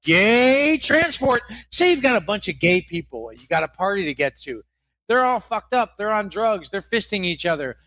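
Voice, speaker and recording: A man co-hosting a live comedy podcast, reading mock ad spots with crude deadpan jokes. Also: high voice, brisk, dry recording. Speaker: podcast co-host.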